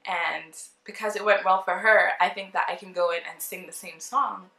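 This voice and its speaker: A young woman vlogger telling a casual storytime, chatty and animated, acting out the people she quotes. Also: mid-range voice, normal speed, creaky. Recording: roomy with faint background music.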